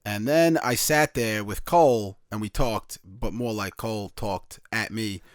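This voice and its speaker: A man's voice: on the low side, measured pace, no echo, studio quality. A man co-hosting a podcast in casual chat, laid-back and drawling, with casual swearing. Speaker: podcast co-host.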